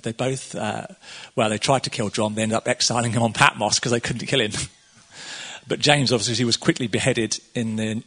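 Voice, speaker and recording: Bright, husky-voiced preacher man. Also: mid-range voice. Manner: chatty and conversational, laughs often, acts out quotes. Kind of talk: casual sermon.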